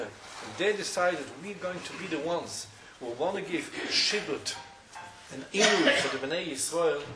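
A man gives a Torah lesson in a fairly high voice. He chants quoted sources in a singsong lilt between plain explanations. The recording is roomy and echoey, with faint ambient noise behind him. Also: a bit bright. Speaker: Torah teacher. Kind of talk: Talmudic study lecture.

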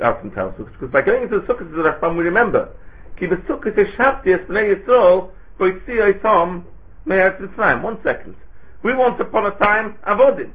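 A man giving a Torah sermon, asking rhetorical questions and chanting Hebrew phrases in a lilting way. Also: sits high. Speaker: rabbi giving a Torah talk. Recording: tinny phone-like recording.

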